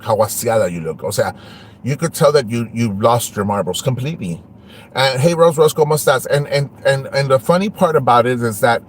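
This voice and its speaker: A man's voice: medium pitch, a little hiss or hum. A man hosting an online show, ranting and taunting a rival, switching between English and Spanish. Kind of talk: ranting livestream talk.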